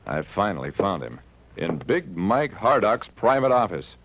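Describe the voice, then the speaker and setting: A wry private detective narrating his casebook in a dry, knowing tone. His pitch rises and falls in a lively way. The recording is muffled and dull, with faint hiss underneath. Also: a little slow, gravelly, exaggerated voice. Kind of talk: 1940s radio acting.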